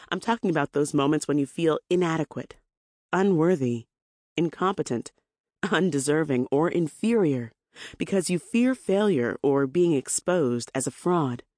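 A measured, reflective voice reads a personal story from a self-help book in the first person, slowing on key phrases. The voice sits at a middling pitch, and the booth-dry recording has no room sound at all. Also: a little mellow, no echo. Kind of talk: scripted first-person narration.

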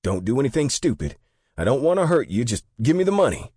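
A man voicing a nervous young male robber who shouts his demands. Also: medium pitch, big pitch swings, quick pace, slightly rough, dry recording, studio quality, voice pushed up. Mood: frantic shouting.

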